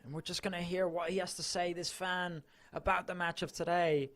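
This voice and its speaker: A man's voice: high voice, level tone, a little fast, fairly bright tone. A man reporting for a club channel, giving chatty, enthusiastic live match coverage.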